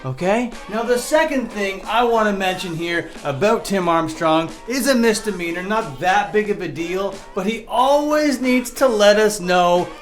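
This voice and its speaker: A man's voice: high-pitched, lively intonation, unhurried, few pauses, faint music behind. A man hosting a mock-serious comedy commentary, lecturing sarcastically. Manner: sarcastic, lecturing, with mocking impressions. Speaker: youtuber host.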